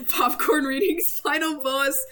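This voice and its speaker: A woman's voice: medium pitch, moderate pace, a bit bright, faint music behind. A woman streamer chatting casually, joking around in a playful way with lots of slang. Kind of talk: casual chat.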